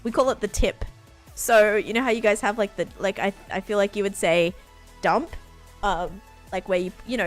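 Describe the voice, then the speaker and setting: A woman's voice: mid-range voice, normal speed, faint music behind. A woman in her twenties from Australia with an Australian accent, chatting casually with her viewers while playing a game. She rambles, uses many fillers and laughs often. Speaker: live streamer. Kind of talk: casual chat while gaming.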